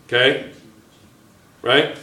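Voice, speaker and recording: A man speaks very slowly in a pushed, bright voice while teaching chemistry at a whiteboard. He works through ideas aloud, restarting and self-correcting, and constantly asks his students "okay?" The recording is distant, in a classroom with lots of echo.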